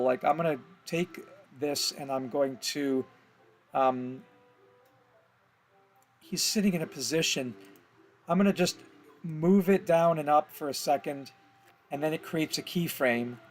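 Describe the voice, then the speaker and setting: A man's voice: a little high, unhurried, pauses often. A man explaining his steps in an easygoing, think-aloud tutorial, correcting himself as he goes. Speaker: animation tutor. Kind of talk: casual screen-recorded tutorial.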